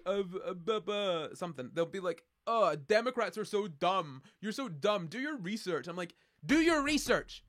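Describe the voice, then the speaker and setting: A Scottish man with a Scottish accent answers his chat on a live stream, rambling casually and sardonically with many restarts and fillers. His voice is medium-pitched, smooth and fairly bright.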